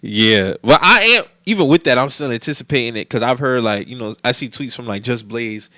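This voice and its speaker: Podcast host, man in his twenties, rapid loose slangy delivery, dry sound. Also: mid-range voice, lively intonation, pushed and bright, no echo. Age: 20s. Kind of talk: casual chat.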